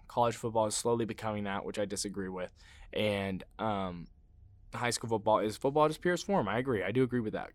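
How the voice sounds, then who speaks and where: In a lowish voice, a young man hosting a casual sports podcast rambles through his takes, full of fillers and false starts. He gets worked up and loud whenever he rants. The recording is dry.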